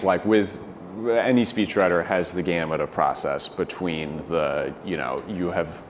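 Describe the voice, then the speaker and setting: Brief: former speechwriter, man, deep and unhurried, hesitant phrasing, faint noise behind. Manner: hesitant, stop-start phrasing. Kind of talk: panel discussion.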